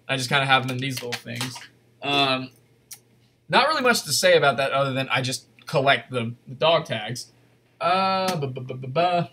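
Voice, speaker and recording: Bright-voiced chatty man. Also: slight background noise. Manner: chatty, rambling with fillers and laughs, high animated quoted voices. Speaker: convention panelist. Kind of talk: casual storytelling.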